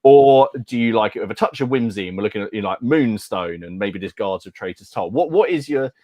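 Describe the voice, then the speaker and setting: A man co-hosting a hobby podcast, animated and quick to laugh, often restarting his sentences. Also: fairly low pitch, dry recording. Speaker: podcast co-host. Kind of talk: casual hobby podcast chat.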